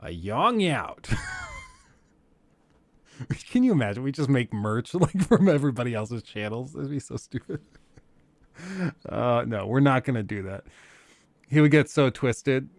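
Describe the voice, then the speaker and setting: Young male live-stream host, casual and jokey, laughs often, average pitch, dry close sound. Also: animated, unhurried, long pauses, no room sound. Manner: rambling, joking, laughs often. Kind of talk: casual chat with live chat viewers.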